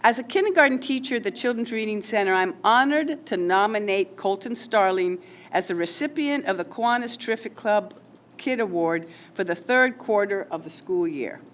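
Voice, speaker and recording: A woman's voice: medium pitch, lively intonation, normal speed. A woman running a school award ceremony, chatty and informal, reading teacher nominations aloud. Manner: chatty, informal asides with fillers. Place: school hall or classroom.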